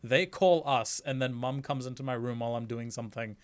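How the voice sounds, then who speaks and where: A man's voice: medium pitch, fairly quick. Joking, swearing man streaming a game. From New Zealand. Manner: playful, swears and jokes, voices characters for laughs. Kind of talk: casual game stream chat.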